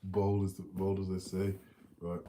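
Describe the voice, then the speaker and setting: A man's voice: low-pitched, monotone, measured pace, warm tone. A man hosting a casual livestream, chatting with viewers, slangy and full of swearing. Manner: slangy, swearing, addresses chat. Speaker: livestream host. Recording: music in the background. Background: music playing.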